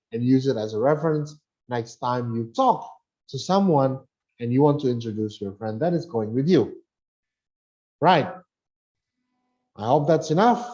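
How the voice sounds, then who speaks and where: A man teaching an online English lesson, slowly reading a dialogue aloud and explaining pronunciation with chatty asides. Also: medium pitch, dark tone, dull audio.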